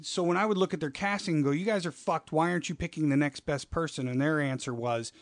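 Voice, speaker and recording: A man telling show-business stories in a casual chat, animated, acting out quoted voices and swearing freely. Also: a little high, fast talker, no room sound.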